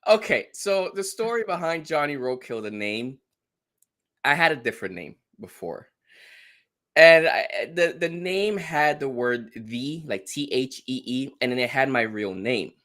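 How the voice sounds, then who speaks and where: A man's voice: mid-range voice, very animated, a little slow, a bit bright. A middle-aged man with a thick New York accent from the Bronx, talking bluntly and plainly as a guest on a casual show. He laughs easily between his short, straightforward sentences. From the Bronx, New York City. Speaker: guest streamer. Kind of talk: casual interview chat.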